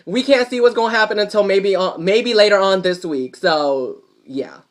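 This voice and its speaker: A man recapping a soap opera episode in casual chat, animated and profane, talking straight to his viewers. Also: high-pitched, normal speed.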